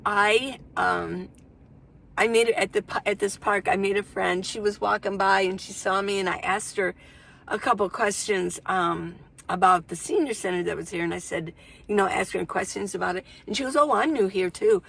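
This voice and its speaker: Chatty gravelly-voiced woman vlogger. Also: medium pitch, fairly even intonation, moderate pace, a bit bright. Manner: chatty, folksy, storytelling. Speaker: van life vlogger. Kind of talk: casual chat to camera.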